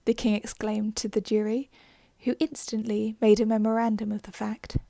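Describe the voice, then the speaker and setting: A woman narrating a storybook audiobook in a gentle, hushed ASMR reading style. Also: medium pitch, level tone, brisk, gravelly, no echo.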